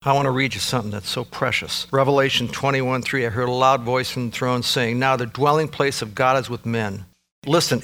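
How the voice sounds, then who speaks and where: A male pastor preaching a sermon with an emphatic, repetitive cadence, swinging from loud peaks to low intensity. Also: steady tone, a little fast, vocal fry.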